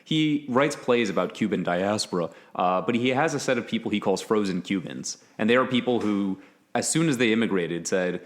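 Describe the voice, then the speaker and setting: A man's voice: lowish voice, lively intonation, moderate pace. A man in a casual podcast chat, telling anecdotes and laughing easily.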